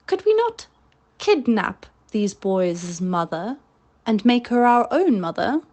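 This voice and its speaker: A woman reading aloud voices an eager, simple-minded male pirate boatswain in a raised, slow voice. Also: sing-song, full character voice. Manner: high, eager and complacent.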